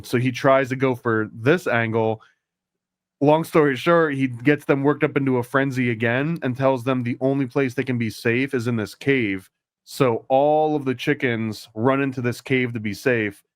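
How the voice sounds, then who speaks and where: A man co-hosting a podcast, casually retelling and analyzing an old cartoon, rambling with quick asides. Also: medium pitch, no echo, studio quality. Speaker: podcast co-host. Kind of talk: casual discussion.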